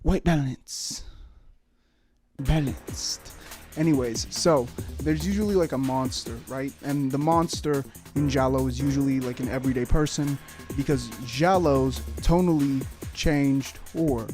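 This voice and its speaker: A man's voice: mid-range voice, a little slow, a little mellow, soft background music. A man giving a casual video essay as a YouTuber, joking and rambling with lots of fillers and swearing.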